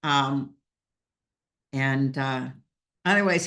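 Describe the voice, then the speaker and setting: A woman's voice: on the low side, measured pace, a bit bright. A woman hosting a casual team talk, chatty and joking, with frequent fillers. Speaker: host. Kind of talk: casual team meeting chat.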